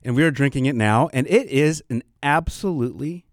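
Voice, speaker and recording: A man's voice: medium pitch, brisk, no room sound, studio quality. A man co-hosting a wine radio show, chatty and informative, laughing easily. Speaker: wine auction director, co-host. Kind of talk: casual radio chat.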